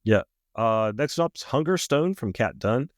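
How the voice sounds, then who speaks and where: A man's voice: medium pitch, unhurried, no room sound, clean studio sound. A man co-hosting a podcast about horror, chatting casually, reading book blurbs aloud and laughing easily. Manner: relaxed, reads book blurbs aloud with frequent "uh"s and easy laughs. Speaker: podcast co-host.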